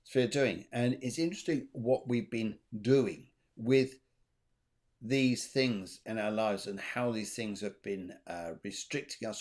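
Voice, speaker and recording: A man's voice: on the low side, darkish tone. Earnest man hosting a spiritual chat. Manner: earnest, repeats key phrases. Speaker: host of a spiritual show. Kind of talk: casual chat.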